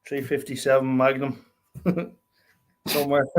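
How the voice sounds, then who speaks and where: A man's voice: mid-range voice, steady tone, takes it slowly. A man hosting a casual live stream, chatting between songs and laughing often with apologetic asides. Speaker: musician host of a live stream.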